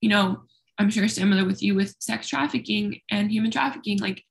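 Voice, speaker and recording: Gravelly young woman, candid and talkative. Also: medium pitch, a little fast. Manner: talkative, open, self-deprecating. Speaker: guest. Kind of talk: candid personal conversation.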